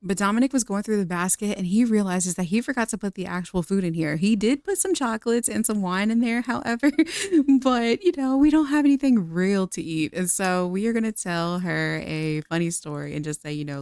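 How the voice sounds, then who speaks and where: A woman's voice: mid-range voice, expressive, a little fast, a little mellow, smooth, no room sound, clean studio sound. A young woman giving chatty, giggly let's-play commentary on a life-simulation game. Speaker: gaming content creator.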